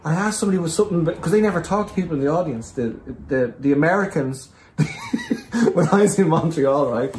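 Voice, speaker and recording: A man telling comedy anecdotes in an animated, expletive-laden flow, his voice sitting a little high for a man. The room around him has a noticeable echo. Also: brisk, background noise. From Ireland. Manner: animated storyteller, swears freely. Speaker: comedian guest. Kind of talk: casual chat, anecdote telling. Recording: echoey room.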